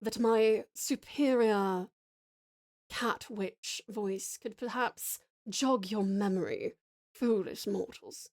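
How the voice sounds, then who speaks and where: An Australian woman voicing a haughty, superior female cat witch with slow, condescending speech. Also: mid-range voice, darkish tone, pitched below the performer's own voice. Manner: condescending, drawn-out.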